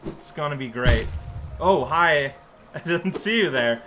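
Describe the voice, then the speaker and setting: Unhurried male let's-play host, slightly higher voice, rambling playful commentary over game music. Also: animated, sharp tone. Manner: rambling, playful, talks to himself and to game characters. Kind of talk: casual gameplay commentary.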